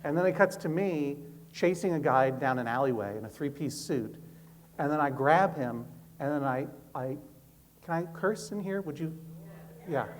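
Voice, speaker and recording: Guy rambling on stage, kinda high voice, faint hiss behind. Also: expressive, normal speed. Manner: rambling, self-mocking, many restarts. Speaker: author guest. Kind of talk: live stage conversation. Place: stage before a live audience.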